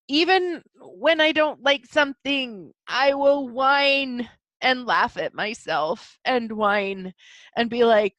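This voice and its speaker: Middle-aged woman, solo podcast host, chatty and rambling, highish voice, dry close mic. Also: fairly bright tone, no room sound. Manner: chatty, enthusiastic, rambling with many fillers. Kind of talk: solo casual podcast monologue.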